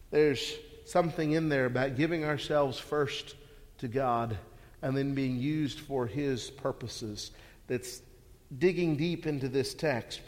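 A man preaching a sermon, earnest and full of rhetorical questions, often repeating words as he restarts. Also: mid-range voice. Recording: long hall reverb.

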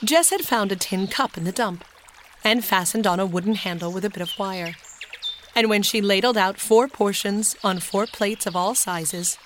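A woman narrating a children's storybook in a clear, steady manner. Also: mid-range voice, a little hiss or hum. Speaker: audiobook narrator.

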